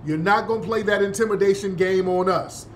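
In his talk-show monologue, a man speaks briskly in a high, steady voice, driving points home through repetition and frequent "yeah?" check-ins with listeners. A little hiss or hum sits under the recording.

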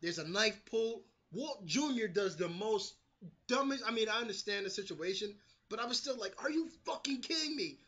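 Casual New male reviewer, high and bright, excitable and profane. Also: moderate pace. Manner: animated, swears freely, acts out quotes. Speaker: TV episode reviewer. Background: street construction noise.

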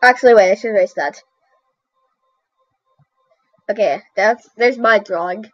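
A woman's voice: medium pitch, measured pace, pauses often, dry recording. A woman chatting casually as she draws, exclaiming and poking fun at her own mistakes, picked up on a computer mic. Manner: chatty, exclamatory, self-mocking. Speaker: drawing video host. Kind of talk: casual commentary while drawing. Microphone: computer mic via screen recorder. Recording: dull dry computer-mic recording.

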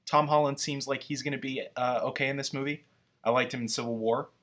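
A man's voice: mid-range voice, fairly even intonation, brisk, fairly bright tone. A man giving casual, rambling, opinionated commentary while reacting to a movie trailer.

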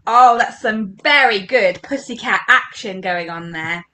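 A woman's voice: mid-range voice, unhurried, pushed and bright. A woman leading an interactive story workshop for children, talking in a playful, encouraging, sing-song way.

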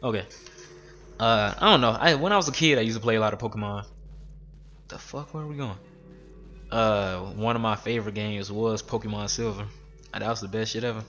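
A man's voice: on the low side, fast talker, fairly bright tone, soft background music. A man in his twenties ranting with heavy swearing while commenting on his gameplay. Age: 20s. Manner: profane, exasperated ranting. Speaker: gaming streamer.

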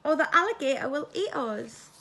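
A woman voicing a tiny, frightened mouse with a squeaky voice for a storybook reading. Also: expressive, moderate pace, creaky, background noise.

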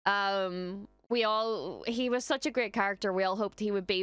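A woman's voice: fairly high pitch, lively intonation, unhurried, hardly any pauses, a bit bright, clean tone, dry recording. A woman hosting a reaction video, talking casually and emotionally, swearing freely and trailing off as she gushes. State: emotional after watching. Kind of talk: casual post-episode reaction chat.

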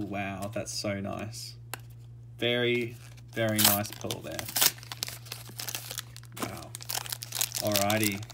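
A card-opening vlogger, a man with a lowish voice, murmurs casual commentary while opening trading card packs. His running remarks burst into shouting and laughter now and then, and the recording is very noisy.

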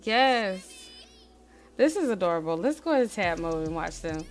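A woman's voice: lowish voice, moderate pace, faint music behind. Chatty woman narrating her game. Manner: chatty, talks straight to viewers, swings from murmuring to excited squeals. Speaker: gaming channel host. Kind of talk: casual let's-play commentary.

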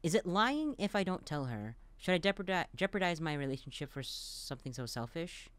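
A man with a lively, playful gaming voice. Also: on the high side, smooth, no room sound. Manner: playful, reads lines in a mock-dramatic voice, quick asides. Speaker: let's play gamer. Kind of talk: reading game dialogue aloud with reactions.

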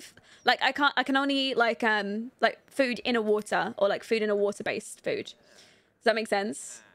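A young woman streaming a life-sim game, chatting candidly with viewers, rambling with lots of fillers and quick to laugh. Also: a little high, fairly bright tone, dry recording. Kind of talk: casual live-stream chat while playing.

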